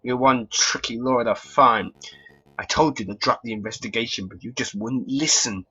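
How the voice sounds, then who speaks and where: A man's voice: medium pitch, moderate pace, sharp tone, husky, highs cut off, voice pushed down. A man voicing a menacing, threatening thug.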